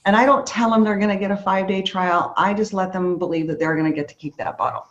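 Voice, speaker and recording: A woman's voice: medium pitch, fast, dull audio. A woman speaking at a sales training event, telling a story and acting out quoted dialogue with energy. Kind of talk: motivational sales training talk.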